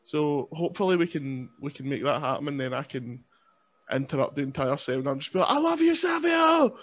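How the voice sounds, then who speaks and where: A man's voice: medium pitch, fairly even intonation, quick pace. Joking Scottish man on muffled audio. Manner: joking, self-mocking, rambling. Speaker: wrestler and podcast guest. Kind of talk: casual podcast chat.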